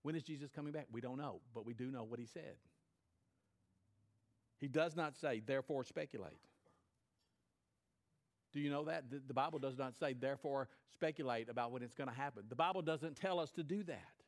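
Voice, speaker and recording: A man preaching a sermon to his church, emphatic, rising high and loud then dropping low and quiet. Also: fairly quick, pauses often. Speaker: pastor.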